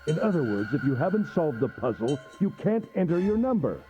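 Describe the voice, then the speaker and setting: A sadistic captor with refined manners and a mocking tone in a video game. His pitch sits high and swings widely. The audio is slightly muffled with music underneath. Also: big pitch swings, brisk, warm tone. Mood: taunting. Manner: polite, taunting, cackling. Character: sadistic gentlemanly male captor, cold and mocking.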